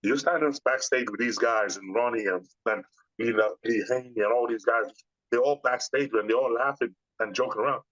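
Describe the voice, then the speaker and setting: Here a bodybuilder guest with a medium-pitched voice talks briskly in an interview, casually telling animated stories full of restarts. There's no echo, but the highs are cut off.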